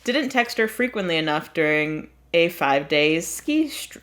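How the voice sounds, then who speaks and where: A woman's voice: sits low, sing-song, normal speed, fairly bright tone. A woman hosting an advice podcast who reads a story aloud in a casual, chatty way and often breaks into laughter. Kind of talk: casual chat.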